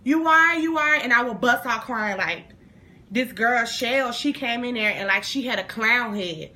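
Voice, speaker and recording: Bright, lively young woman telling a story. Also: a little high, a little slow, a little hiss or hum. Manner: animated, acts out every voice in her story; casual, swears freely. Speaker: vlogger. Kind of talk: storytime monologue.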